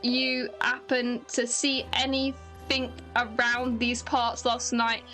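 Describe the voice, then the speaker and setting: A woman's voice: on the high side, completely flat delivery, takes it slowly, sharp tone, faint music behind, low-quality recording. A woman voicing a chatty male reporter, attempting a British accent and stumbling through the lines as she reads them aloud. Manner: stumbling read-aloud delivery.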